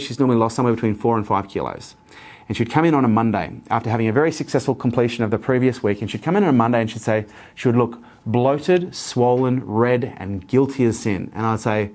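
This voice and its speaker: A man's voice: mid-range voice, a little mellow. A man talking earnestly in an interview, telling stories with lots of repetition. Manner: earnest, storytelling, repetitive phrasing. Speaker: interview guest. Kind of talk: motivational interview talk.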